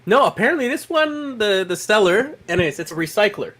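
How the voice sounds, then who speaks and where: A man from Quebec, a guest on a livestream, chatting casually over a video call in an animated way that trails off mid-sentence. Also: high-pitched, fairly quick. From Quebec, Canada. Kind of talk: casual group chat.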